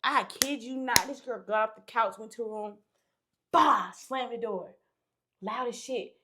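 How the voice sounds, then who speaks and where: A woman's voice: fairly high pitch, normal speed, pushed and bright. A young woman, a podcast guest, telling a story in casual chat, candid and profane, acting out what people said.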